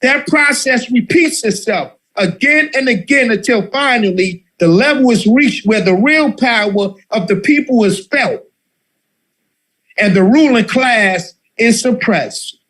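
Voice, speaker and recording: A man with a high-pitched voice leads a political study group. He speaks fiery and impassioned, circling back over his own phrases and stumbling through "uh"s as he presses his point. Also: expressive, unhurried, a bit bright, rough recording. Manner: fiery, repeats phrases, many fillers.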